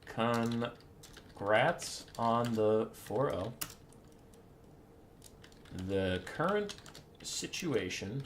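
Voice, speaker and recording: A man hosting a game tournament, giving live commentary in an excitable way, laughing and swearing. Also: mid-range voice, extremely slow, pauses often, slight background noise. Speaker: tournament host and caster.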